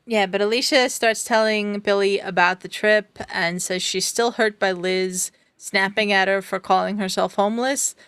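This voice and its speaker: Woman on a video call recapping a show, gravelly yet smooth, lots of ums. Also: medium pitch, fairly even intonation, moderate pace, few pauses, fairly bright tone, no echo. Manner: chatty, retells scenes with filler ums. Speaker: podcast co-host. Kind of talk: casual recap chat.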